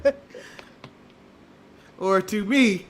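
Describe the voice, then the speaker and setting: A man's voice: sits high, extremely slow. A man from the United States co-hosting a casual live stream, joking and laughing often. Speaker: co-host.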